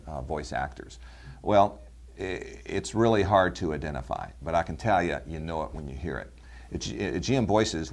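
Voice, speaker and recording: A middle-aged man who directs a voice agency, talking casually with fillers and restarts, sometimes mimicking a stiff announcer cadence. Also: low voice. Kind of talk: promotional talk to camera.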